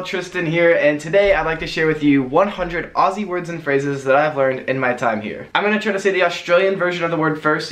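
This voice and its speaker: Brisk American man in an echoey room. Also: a little high, a bit bright. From United States. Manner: brisk, explanatory, rushing through items. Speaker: vlogger explaining slang. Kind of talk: scripted explainer, list countdown.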